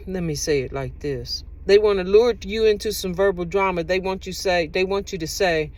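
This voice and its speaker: A woman's voice: on the low side, a little fast, few pauses, darkish tone, no echo. A woman talking casually to her own camera, giving relationship advice with rambling, repetitive, emphatic storytelling.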